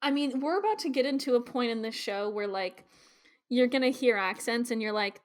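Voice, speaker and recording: A woman's voice: on the high side, fairly quick. A woman from Kansas co-hosting a podcast, recapping a show in casual chat with playful asides and frequent laughs. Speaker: podcast co-host recapping episodes.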